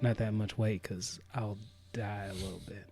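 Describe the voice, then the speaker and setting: A man co-hosting a podcast, riffing casually in a profane, animated way. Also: lowish voice, moderate pace, soft background music. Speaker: podcast co-host. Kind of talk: casual chat.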